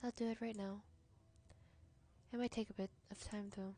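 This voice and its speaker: A woman's voice: mid-range voice, fairly even intonation, normal speed, warm tone, close to an everyday voice. A woman streamer voicing an obliging female record-shop keeper in a story game, speaking in a friendly manner.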